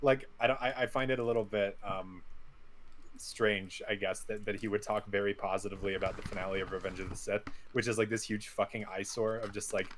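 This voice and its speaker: Young male co-host, low forceful voice, animated mimicry. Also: a little fast, slight background noise. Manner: animated storytelling, mimics characters. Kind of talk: casual group commentary.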